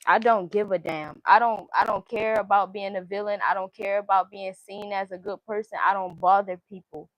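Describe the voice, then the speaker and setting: A tarot reader delivers a casual reading at normal speed, her mid-range voice fairly even in intonation as she chants out what each card means. Outspoken and foul-mouthed, she doesn't hold back. There's no room sound, though the recording is rough.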